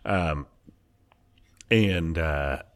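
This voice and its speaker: A man in his thirties, a podcast co-host, casually talking about parenting his daughter in an easygoing, joking way. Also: extremely low pitch. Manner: easygoing, joking, quick to laugh. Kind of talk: casual chat about family.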